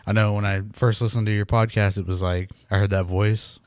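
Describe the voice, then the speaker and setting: Easygoing podcast host, low voice. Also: male voice, flat delivery, clear, resonant tone, dry recording, studio quality. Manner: easygoing, asks questions, quick laughs. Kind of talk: casual interview chat.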